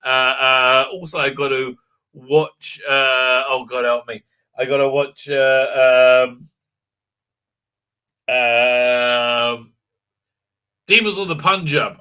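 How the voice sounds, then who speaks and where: Guy rambling on his livestream, lots of uh uh and restarts, super bright voice. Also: medium pitch, fairly even intonation, slow pace, pauses often, smooth. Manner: rambling, many fillers and restarts, laughs often. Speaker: livestream host. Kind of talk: casual live-stream chat.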